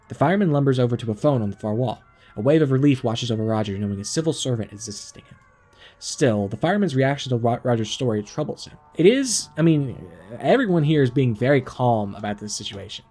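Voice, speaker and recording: A man's voice: mid-range voice, lively intonation, fast talker, warm tone, soft background music. A man playing a text game on stream, reading the story aloud and adding wry, chuckling commentary.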